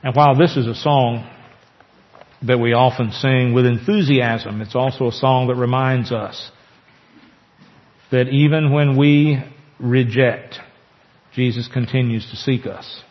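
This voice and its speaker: A man preaching a sermon as pastor, earnest, with slow emphatic pauses. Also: medium pitch, steady tone. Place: church sanctuary. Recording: echoey church hall, dull lo-fi sound.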